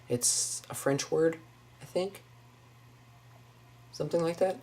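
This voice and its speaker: A woman's voice: sits low, measured pace, pauses often, warm tone. A young woman with a Northwest Florida Southern accent, musing casually over a list of words in her apartment, saying each word and then commenting on it. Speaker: vlogger. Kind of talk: casual accent-tag video. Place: small apartment indoors.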